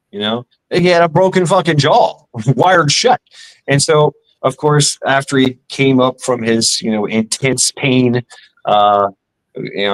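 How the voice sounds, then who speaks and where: A man's voice: lowish voice, a bit bright, poor audio. A middle-aged man telling casual stories in a rambling, profane way, acting out the lines of the people in them. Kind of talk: casual storytelling.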